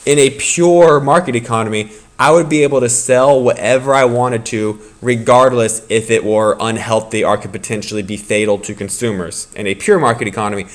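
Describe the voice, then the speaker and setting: A man's voice: on the low side, fairly even intonation, a little fast, hardly any pauses. A male teacher giving a recorded lecture video for his class, explaining patiently and repeating the key points for his students.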